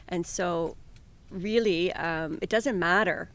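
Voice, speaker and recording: Woman co-host, life coach, earnest and encouraging, fry-heavy gravelly voice. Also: fairly low pitch, slow pace, fairly bright tone. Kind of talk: casual conversational podcast.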